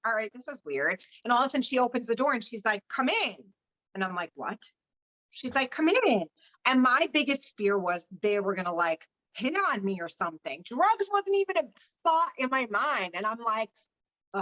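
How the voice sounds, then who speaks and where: A woman's voice: mid-range voice, sharp tone. A woman guest telling her personal story frankly and without a filter, swearing freely and acting out what others said, in a slightly dull recording. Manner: frank and unfiltered, swears freely, acts out quoted dialogue. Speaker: podcast guest.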